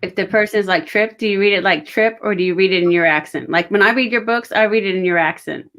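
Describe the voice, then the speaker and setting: A woman's voice: medium pitch, quick pace, fairly bright tone. An American woman on a casual podcast, chiming in with short teasing remarks. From United States. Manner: brief teasing interjections. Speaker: podcast guest.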